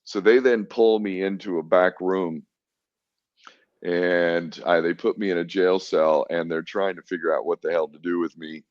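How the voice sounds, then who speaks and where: Deep-voiced man, blunt storyteller. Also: steady tone, moderate pace, dry recording. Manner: blunt, profane, casual storytelling. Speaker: interview guest. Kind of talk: personal storytelling in a podcast interview. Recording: muffled lo-fi recording.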